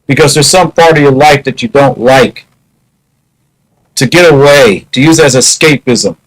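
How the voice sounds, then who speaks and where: A man's voice: mid-range voice, measured pace, poor audio. A man musing in a casual vlog monologue, wry and half-joking. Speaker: vlogger.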